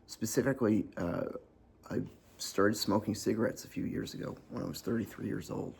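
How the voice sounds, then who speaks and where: A man in his thirties from New Jersey, talking about his life in a personal vlog, sarcastic and hesitant with many pauses and ums. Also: lowish voice, creaky, darkish tone, husky. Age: 30s. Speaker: vlogger.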